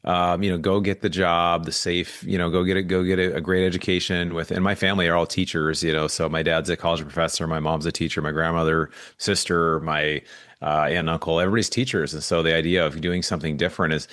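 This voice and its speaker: Guest, man in his forties, very low voice, quick delivery, dry close sound. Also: flat delivery, fairly bright tone, dry recording. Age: 40s. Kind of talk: casual interview chat.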